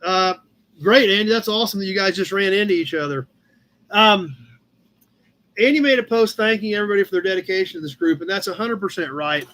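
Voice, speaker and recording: A Midwestern American man hosts a casual live-stream chat, his voice pitched high. He rambles easily through viewers' posts, sprinkling in fillers and thanking people by name. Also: a little fast, a bit bright. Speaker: host of a live car-hobby chat show. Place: home room with a cat nearby.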